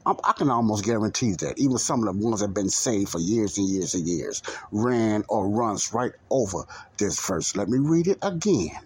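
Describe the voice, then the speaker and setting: A man preaching a podcast Bible lesson, slow and emphatic, with long pauses between phrases. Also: fairly low pitch, expressive, darkish tone, slightly rough, poor audio.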